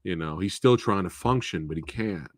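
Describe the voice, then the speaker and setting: A man hosting a casual live film review, animated, profane and laughing often. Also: deep voice, normal speed, no echo, clean studio sound. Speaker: movie reviewer and host.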